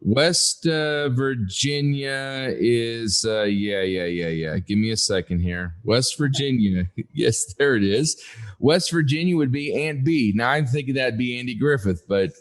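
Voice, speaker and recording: A man co-hosting a podcast in casual chat, unhurried and hesitant, with many fillers. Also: medium pitch. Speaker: podcast co-host.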